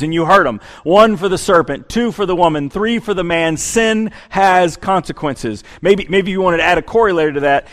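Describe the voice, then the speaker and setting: A pastor giving a sermon and reading scripture. He is animated and repeats words as he speaks. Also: on the high side.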